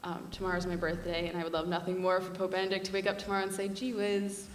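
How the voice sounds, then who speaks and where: A woman's voice: on the low side, monotone, very fast, very noisy. A young woman, a student panelist, giving an earnest, passionate panel talk, chatty with lots of "like", recorded from a distance in a hall. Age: young adult. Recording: echoey hall from far off.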